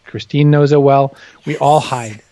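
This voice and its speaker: In a casual interview chat, this guest author speaks candidly with humor and a good deal of self-deprecation. His mid-range voice is steady and warm, his pace measured, with no echo.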